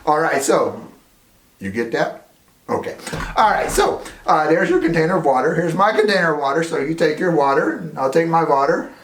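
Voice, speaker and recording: A man hosting a playful children's science demonstration, teasing his assistant with big swings of pitch. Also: expressive, normal speed, slight background noise. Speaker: children's science show host. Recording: echoey room.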